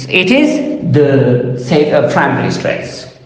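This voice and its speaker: A man lectures slowly in a high, lively voice and repeats each example word aloud. The sound is very echoey, with a long reverb trailing after him. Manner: slow and repetitive, repeating example words aloud. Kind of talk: spoken phonology lecture.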